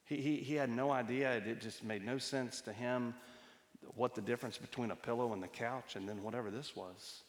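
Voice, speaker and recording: A man's voice: mid-range voice, fairly even intonation, brisk. Guy preaching a sermon, chatty storytelling, lots of restarts, echoey church hall. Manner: storytelling, conversational with many restarts. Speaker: pastor.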